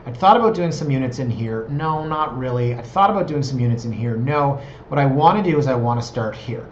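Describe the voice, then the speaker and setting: A man's voice: medium pitch, animated, fairly quick, roomy sound, dull audio, slight background noise. A man in his thirties, a real estate agent, talking casually and digressively in a vlog from his office. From Canada. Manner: chatty, digressive, self-deprecating.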